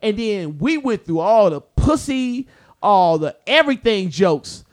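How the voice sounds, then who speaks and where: A comedian telling a story in casual chat, animated and profane, acting out what people said. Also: male voice, high voice, a little slow. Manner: animated, profane, acts out quotes.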